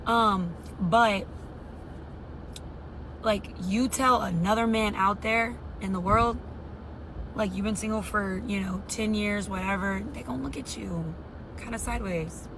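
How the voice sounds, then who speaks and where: A woman's voice: medium pitch, measured pace, noisy background. A woman rambling about her love life in a video filmed in her car, heavy on fillers and incredulous. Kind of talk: social media story clip.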